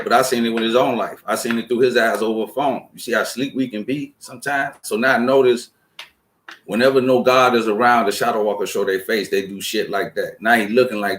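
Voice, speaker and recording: Low-voiced guy preaching street style, cussing, echoey room. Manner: streetwise preaching, profane, animated quotes. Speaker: show host. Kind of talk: casual spiritual monologue. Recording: roomy echo.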